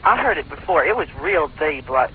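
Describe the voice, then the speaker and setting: A man's voice: fairly high pitch, lively intonation, fairly quick. Rambling mock-official man on a phone line. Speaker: prank caller posing as an operator. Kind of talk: prank call. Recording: tinny phone line, faint hiss.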